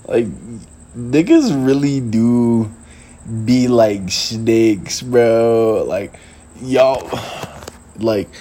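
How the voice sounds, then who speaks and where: Laid-back young man rambling slowly. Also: mid-range voice, animated, dark tone, a little hiss or hum. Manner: rambling, slangy, laughs often, filler-heavy. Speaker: podcast host. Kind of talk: casual late-night monologue. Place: outdoors.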